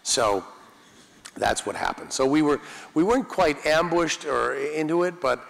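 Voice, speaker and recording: A man's voice: fairly high pitch, lively intonation, a little slow, creaky, fairly bright tone. An older man, a voice actor guest at a convention panel, telling self-deprecating anecdotes in a chatty way. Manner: self-deprecating, chatty, restarts mid-sentence. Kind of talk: anecdotal Q&A storytelling. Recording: long hall reverb.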